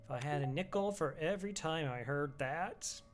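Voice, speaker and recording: A man's voice: fairly high pitch, moderate pace. A young man streaming a game live, chatting casually with viewers and making wry asides as he plays. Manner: laid-back, wry asides to chat. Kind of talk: casual game commentary with chat.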